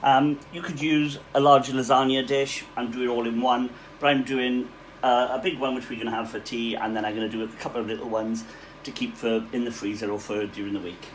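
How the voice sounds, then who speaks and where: A man with a Welsh accent, a cafe cook, runs a casual cooking tutorial from his home kitchen, rambling through a recipe with fillers and asides. He speaks a little fast at a medium pitch with little pitch movement. The low-quality recording carries slight background noise.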